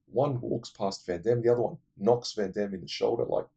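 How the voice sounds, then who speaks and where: A man's voice: lowish voice, brisk, warm tone, husky, dull audio. A man casually retelling a movie plot for his film-ranking vlog, digressive, blunt and profane. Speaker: movie list vlogger.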